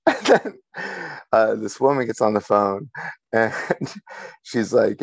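A young man with a fairly low voice speaks slowly on a casual podcast he co-hosts, with no echo in the sound. He tells a story as a ranting bit and laughs often along the way.

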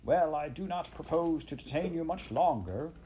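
A man doing a squeaky, gloating weasel chief. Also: animated, warm tone, slight background noise, lightly acted. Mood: mocking. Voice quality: high, squeaky. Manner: mocking, drawn-out speechmaking. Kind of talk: audiobook character voice.

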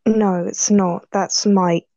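A woman's voice: mid-range voice, steady tone, takes it slowly, dark tone, highs cut off. Giggly teenage girl chatting. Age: teens. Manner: giggly, rambling, self-deprecating. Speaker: co-host. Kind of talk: casual chat.

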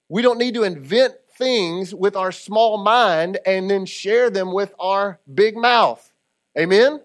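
A man who is a lead pastor, preaching a conversational sermon and often checking in with the congregation. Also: high-pitched. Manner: conversational preaching with audience call-and-response asides.

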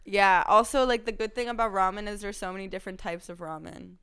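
A young woman co-hosting a podcast in casual chat, easygoing and quick to laugh. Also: medium pitch, fairly even intonation, fairly bright tone, clean tone. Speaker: podcast co-host.

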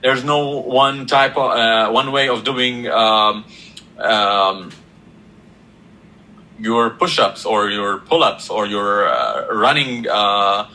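A man in a reflective podcast conversation, explaining ideas slowly with pauses between words. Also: on the low side, sharp tone, low-quality recording. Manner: slow, deliberate, pausing between words, explaining step by step. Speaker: podcast guest or host.

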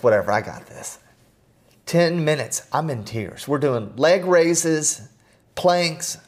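Earnest middle-aged man telling stories. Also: mid-range voice. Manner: earnest, animated, self-deprecating humor. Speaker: guest. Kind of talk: storytelling in conversation.

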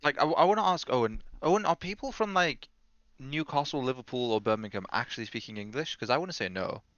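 Lively joking young podcast host, man. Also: mid-range voice, quick pace, dry recording, dull audio. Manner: animated, joking, swears a lot. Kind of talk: casual chat.

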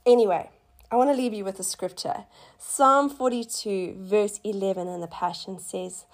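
A middle-aged woman hosting a faith talk, telling a personal testimony in a casual, excitable way with sudden high exclamations. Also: moderate pace. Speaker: faith podcast host.

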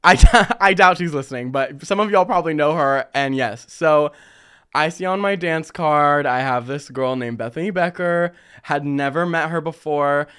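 A young adult man hosting a casual storytelling vlog, animated and often laughing as he quotes himself in higher voices. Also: normal speed, clean tone.

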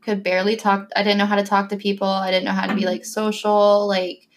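A woman's voice: mid-range voice, completely flat delivery, brisk. A young woman in casual conversation, telling a personal story in a chatty way, full of "like" fillers and acted-out quotes. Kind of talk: casual chat.

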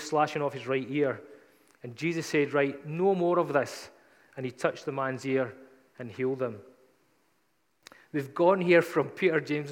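Man preaching conversationally in a reverberant hall. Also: a little high. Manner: conversational storytelling, retelling scripture casually. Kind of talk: sermon.

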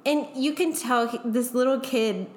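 Young woman guest, slightly high voice, raw and candid, roomy echo. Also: normal speed, darkish tone. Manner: emotional, frequent "like" fillers, swearing. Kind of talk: candid casual chat. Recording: echoey room.

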